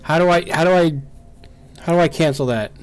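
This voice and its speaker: Faint music plays behind a man whose voice is a little high as he commentates live gameplay. Things go wrong, and he swears in frustration while rapidly repeating "no."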